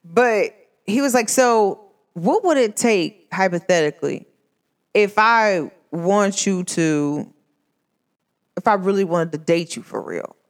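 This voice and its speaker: A woman's voice: mid-range voice, slow. A young woman chatting casually and animatedly, telling a personal story with slang and acted-out voices. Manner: animated, expressive, slangy, acts out voices in her stories.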